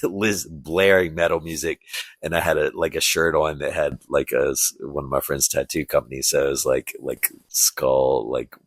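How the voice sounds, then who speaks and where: A man's voice: very deep voice, fairly even intonation, moderate pace, dry recording. A man guest on a casual podcast, telling a rambling story with lots of fillers and laughter.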